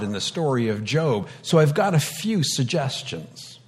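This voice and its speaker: A man preaching a sermon, deliberate and reflective, with touches of light wry humor. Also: medium pitch, big pitch swings.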